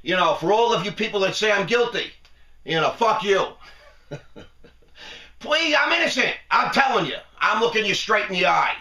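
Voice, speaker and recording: A man's voice: sits high, a little fast, bright, forceful tone, distant mic. Boastful joking man, echoey studio. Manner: boastful, joking, laughs at his own lines. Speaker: online show host. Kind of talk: casual monologue to camera. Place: television studio.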